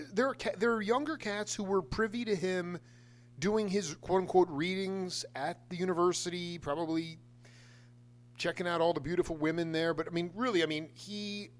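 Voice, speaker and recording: A man's voice: high voice, normal speed. A man hosting a casual interview, asking long rambling questions with enthusiasm. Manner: rambling, many fillers and restarts, enthusiastic. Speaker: host.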